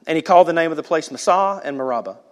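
A man preaching a sermon, swinging between loud, animated passages and hushed asides. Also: on the high side, rapid-fire. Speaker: pastor.

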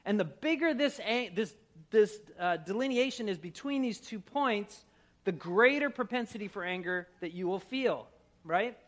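A middle-aged man from Minnesota, a pastor preaching a sermon with personal stories, animated and laughing at himself. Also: high-pitched, moderate pace. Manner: animated, self-mocking storyteller who laughs at himself.

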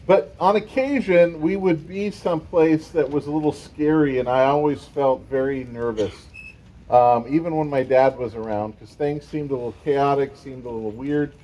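A man's voice: medium pitch, normal speed, dark tone, dull audio. A middle-aged man from the San Francisco Bay Area, a pastor giving a conversational sermon with a personal story.

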